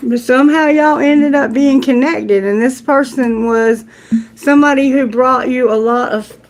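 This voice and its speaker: A middle-aged woman giving a live tarot reading, chatty and laughing often, talking aloud to spirit and to her candle. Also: fairly high pitch. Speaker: tarot reader.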